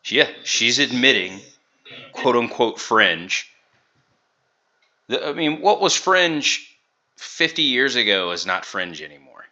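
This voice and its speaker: A man's voice: mid-range voice, sing-song, slow, pauses often, bright, forceful tone, lo-fi sound. A man giving sarcastic, critical commentary while reacting to video clips.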